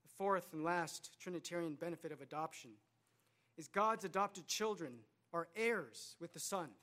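A man's voice: fairly high pitch, moderate pace, sharp tone. A man in his thirties preaching a sermon, earnest, with rhetorical questions and repetition. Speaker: pastor.

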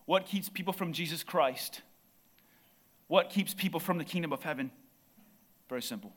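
A man preaching a sermon in church, impassioned and building to near shouts. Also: on the high side, normal speed.

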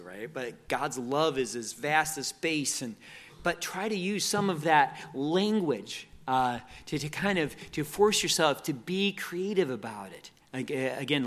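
A man's voice: mid-range voice, a bit bright. A man giving a conversational teaching on Bible meditation, often repeating words and restarting phrases.

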